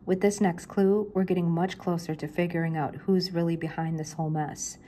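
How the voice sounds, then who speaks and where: A woman's voice: lowish voice, flat delivery, brisk, dark tone, a little hiss or hum. An older woman, a grandmother, reading a children's mystery book aloud and lifting her voice for the characters' lines.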